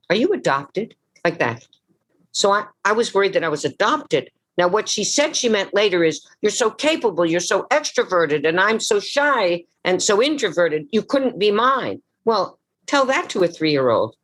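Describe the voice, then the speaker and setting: An older woman, an actress, telling dramatic stories as a guest at a live interview event. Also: low voice. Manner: theatrical, dramatic storyteller. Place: live event before an audience.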